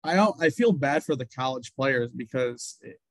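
A man co-hosting a sports podcast, giving measured, reasoned takes in casual chat. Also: mid-range voice, expressive, a bit bright, no room sound, low-quality recording. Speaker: podcast co-host.

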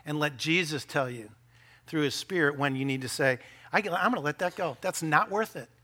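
Bright, high-voiced animated preacher man. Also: normal speed. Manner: animated, acts out quoted voices, jokes with the congregation. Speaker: pastor. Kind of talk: sermon.

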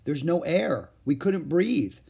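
A man's voice: on the high side, big pitch swings, takes it slowly, gravelly, dark tone, breathy edge, voice pushed up, exaggerated voice. A man voicing a cautious, bookish young boy who sounds reluctant and worried in a storybook reading. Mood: explaining.

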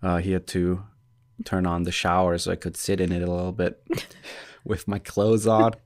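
A man's voice: low voice, level tone, moderate pace. A man co-hosting a relationship podcast, chatting casually, joking and rambling with lots of fillers. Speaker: podcast co-host.

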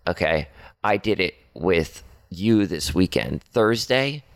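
A man talking earnestly in a personal confessional monologue to his partner, halting often with fillers and restarts. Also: low-pitched, lively intonation, gravelly. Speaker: podcaster speaking to his partner.

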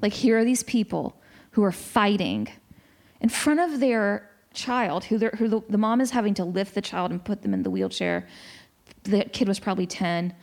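A woman in her forties in a casual discussion, telling a story in an animated way with many restarts. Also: medium pitch, moderate pace.

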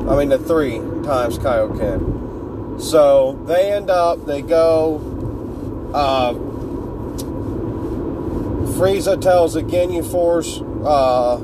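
A man's voice: a little high, background noise. A man casually retelling a fan story, joking and swearing freely as he goes. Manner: laid-back, joking, swears freely, loses his words.

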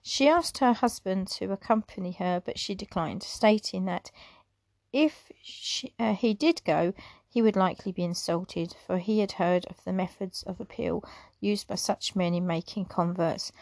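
A woman's voice: mid-range voice, normal speed, vocal fry, dry recording. A woman reading an old memoir aloud, now and then stumbling over a word and correcting herself. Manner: unscripted asides with soft laughs. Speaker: reader.

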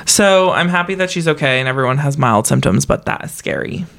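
A young woman co-hosting a podcast in casual chat, chatty, with frequent laughs and quick asides. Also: sits low, creaky, a bit bright. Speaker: podcast co-host.

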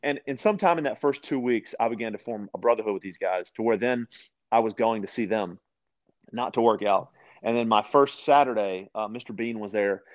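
Man, low pitch, casual storytelling, acts out quotes. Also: a little fast, dull audio. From Louisiana. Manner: animated storyteller, many restarts, acts out quoted voices.

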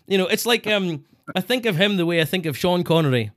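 A man's voice: sits high, animated, brisk, a bit bright. A man co-hosting a podcast, bantering casually, laughing often and jumping into silly put-on voices. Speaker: podcast co-host.

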